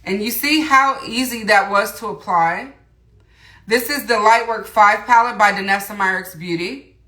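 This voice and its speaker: A chatty woman talks through her makeup on a livestream, greeting viewers and reading their comments as she goes. Her voice is bright and clear, and the room around her sounds roomy and echoey. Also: mid-range voice, normal speed. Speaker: beauty livestream host. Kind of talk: casual makeup tutorial livestream. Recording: roomy echo.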